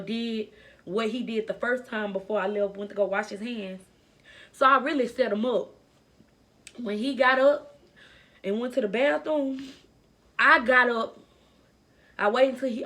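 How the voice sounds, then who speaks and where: A young woman recounts a personal story in a storytime vlog, her voice sitting a little high. She talks earnestly and with open emotion. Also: a bit bright. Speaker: vlogger telling a personal story.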